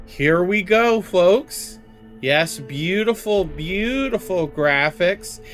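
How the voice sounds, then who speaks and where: A man's voice: high-pitched, lively intonation, drawn-out words, a bit bright, soft background music. A man live-streaming a video game, chatting casually with viewers, exclaiming at the graphics and apologizing for hiccups.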